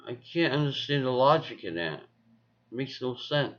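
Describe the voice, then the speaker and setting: A man's casual vlog talk, rambling and repetitive, with a bright, forceful edge to his voice. The sound is dull and lo-fi like a phone camera recording. He circles back over the same point again and again. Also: medium pitch, expressive, unhurried. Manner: rambling, repeats himself, coos at his cat. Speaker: vlogger.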